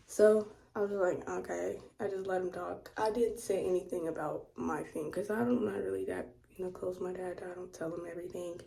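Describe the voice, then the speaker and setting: A young woman telling a rambling personal story in a casual rant, full of "like" and "you know", often dropping to a hushed half-whisper. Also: on the low side, steady tone, fairly quick, vocal fry, few pauses. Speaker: vlogger.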